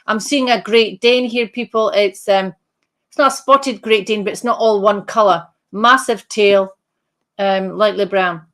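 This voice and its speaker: A woman's voice: medium pitch, a bit bright. Woman medium, live streamed reading, searching delivery, many restarts, talks straight to the sitter. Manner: halting, repeats and restarts phrases while searching; addresses sitters directly by name. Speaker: psychic medium.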